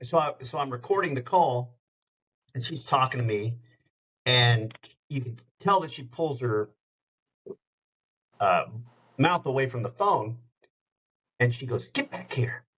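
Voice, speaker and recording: A middle-aged man who hosts radio tells stories in an easygoing podcast chat. He rambles and jumps from one anecdote to another, with a voice of ordinary pitch. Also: expressive, unhurried, pauses often, fairly bright tone. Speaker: radio show host, podcast guest. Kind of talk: casual storytelling chat.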